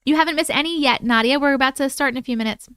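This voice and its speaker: A woman's voice: high-pitched, racing, fairly bright tone, no echo, studio quality. A woman hosting a live stream, casually chatting with viewers, reading their comments aloud and cooing at her cats. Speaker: livestream host.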